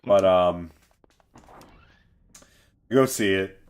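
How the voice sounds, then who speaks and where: A man's voice: sits low, drawn-out words. A man streaming a game and chatting casually with friends, telling stories with lots of energy and laughter. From United States. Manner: animated, laughing storyteller.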